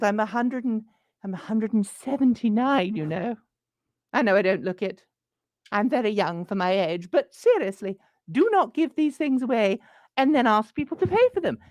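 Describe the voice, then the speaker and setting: A woman's voice: fairly high pitch, darkish tone, dry recording, studio quality. A woman putting on a haughty, ancient queenly figure who scolds a scammer in a pompous, patronising way. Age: 179 as a joke figure; old. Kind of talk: comic in-character rant.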